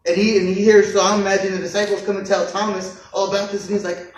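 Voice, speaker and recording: Male pastor, relaxed conversational sermon, acts out the story's people, distant roomy sound. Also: high-pitched, fast, hardly any pauses. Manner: conversational, acts out voices of figures, repeats words. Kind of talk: casual sermon. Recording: echoey church hall from far off.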